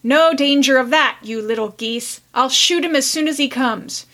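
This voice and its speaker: A woman voicing a brave teenage farm boy who gives gruff commands in a storybook reading. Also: high voice, moderate pace, pushed and bright. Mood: commanding.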